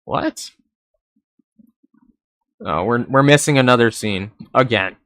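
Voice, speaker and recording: A man's voice: mid-range voice, slow, fairly bright tone, dry recording, studio quality. A young man reviewing an anime episode in a rambling, casual way, laughing often and swearing now and then.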